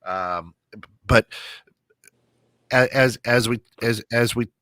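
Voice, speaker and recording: A man's voice: mid-range voice, slow pace, a bit bright, no room sound, studio quality. A man co-hosting an internet radio talk show, chatting casually and often stumbling over repeated words. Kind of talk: casual chat.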